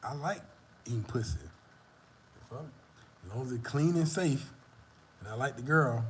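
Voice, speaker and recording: A young man vlogger answers his live chat, telling a rambling, profane story in a loose, casual style. His voice is medium-pitched and darkish, moving a little fast.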